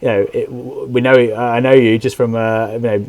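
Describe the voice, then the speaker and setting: A man's voice: medium pitch, little pitch movement, moderate pace, darkish tone. A man hosting a casual interview over a video call, upbeat and full of restarts and fillers. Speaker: podcast host.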